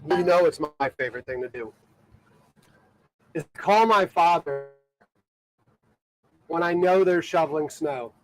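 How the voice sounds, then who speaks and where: A man's voice: on the high side, measured pace, long pauses, soft background music, rough recording. A man from Ohio chatting casually to viewers of his live stream from a boat out on the water. He rambles, leans on "like" and fillers, and laughs often. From Ohio, USA. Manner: rambling, filler-heavy talk with many "like"s and frequent laughter. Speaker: livestreaming boat vlogger.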